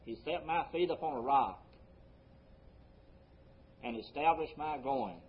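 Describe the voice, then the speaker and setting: A male pastor preaching a sermon, swinging between loud emphasis and quiet low phrases, slowing down on scripture quotes. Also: highs cut off.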